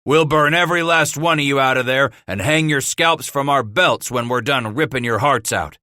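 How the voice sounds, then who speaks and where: A man's voice: mid-range voice, moderate pace, pushed and bright, no echo, clean studio sound, voice pushed up, close to an everyday voice. A man voicing a menacing male frontier horse thief leader who taunts and threatens. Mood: raging.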